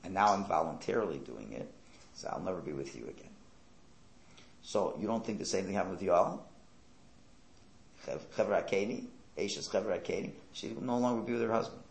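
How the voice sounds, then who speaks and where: A man's voice: deep voice, lively intonation, fairly quick, gravelly, echoey room. A man giving a religious lecture, emphatic and full of rhetorical questions and sarcastic asides. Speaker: Torah teacher.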